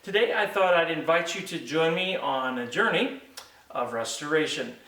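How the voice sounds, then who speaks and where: A man hosting his own hobby channel, talking through a restoration project in a relaxed, hesitant way with many ums and uhs, recorded in a home workshop. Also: fairly high pitch, moderate pace, rough recording. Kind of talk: casual how-to narration.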